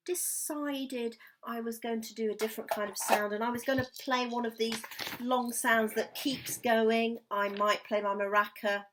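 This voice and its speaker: A woman's voice on the high side, fairly even in intonation and a bit bright, comes through a rough recording at a moderate pace with a little hiss or hum. She's a primary school music teacher giving a recorded lesson to young children at home, sing-song and encouraging, drawing her words out.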